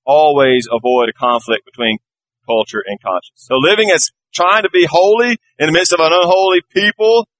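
Earnest preaching man, rising pitch. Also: normal speed, rough recording. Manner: earnest preaching, rising to emphatic highs, dropping low and soft at close. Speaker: pastor. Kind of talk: sermon.

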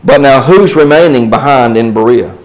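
A man's voice: medium pitch, normal speed, a little mellow, rough recording. A man teaching a Bible class in a conversational way. He asks the class questions and answers them himself, with restarts and asides along the way.

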